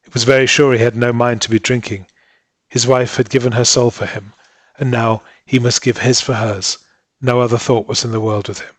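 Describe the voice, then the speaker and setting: A man reads a story aloud in a steady, measured voice. His pitch sits in the middle of the male range. The recording is dry and close, with no room sound. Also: slightly rough, dry recording. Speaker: audiobook reader. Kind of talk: scripted narration.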